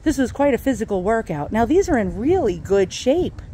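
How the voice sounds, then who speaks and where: A woman's voice: fairly high pitch, very animated, normal speed, dark tone, a little hiss or hum. A woman vlogging casually while out of breath, rambling, laughing and swearing freely. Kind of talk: casual home vlog.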